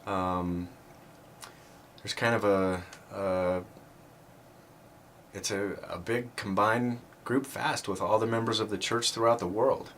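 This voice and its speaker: A man telling a personal faith story in an earnest, self-deprecating way, often pausing and restarting his sentences. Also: on the low side, steady tone, a bit bright, a little hiss or hum.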